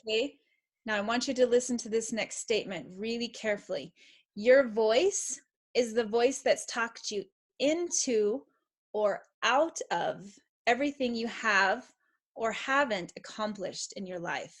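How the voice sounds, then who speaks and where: A middle-aged woman with a somewhat high voice speaks as a confidence coach. She is enthusiastic and emphatic. She answers questions on a video call in an encouraging way. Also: measured pace.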